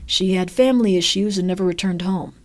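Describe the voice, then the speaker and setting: A woman voicing a calm female news anchor in a slow, measured delivery while reading game text aloud. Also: on the low side, close to an everyday voice.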